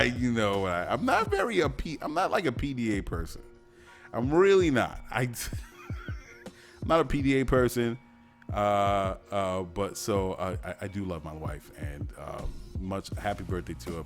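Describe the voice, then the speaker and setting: A man's voice: mid-range voice, very animated, unhurried, vocal fry, fairly bright tone, faint music behind. A man hosting a casual radio show, rambling and joking with plenty of fillers and restarts. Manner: breaks into silly mock-French voices. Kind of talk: casual podcast monologue.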